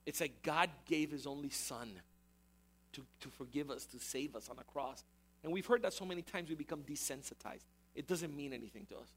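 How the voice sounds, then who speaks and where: A high-pitched man delivers a sermon with emphatic, repetitive phrasing. He builds his points through rhetorical questions aimed at the congregation. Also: fairly quick. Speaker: pastor.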